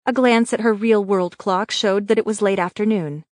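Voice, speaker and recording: In a measured, even storytelling manner, a woman narrates an audiobook from a script. Her voice is mid-range, with studio quality and no room sound.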